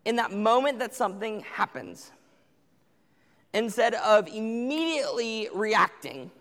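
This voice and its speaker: A man's voice: high-pitched, animated, unhurried, fairly bright tone. A young man giving a conversational sermon to teenagers, acting out what parents and kids say. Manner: conversational, acts out parent and teen quotes. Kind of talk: sermon to teens. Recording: long hall reverb.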